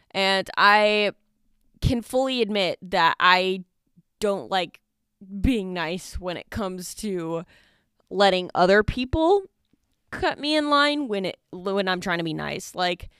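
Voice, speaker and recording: A woman's voice: medium pitch, animated, takes it slowly, fairly bright tone, clear, resonant tone, no room sound, clean studio sound. A woman in her twenties hosting a casual solo podcast, chatty and rambling with lots of fillers. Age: 20s. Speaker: podcast host. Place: dorm study room.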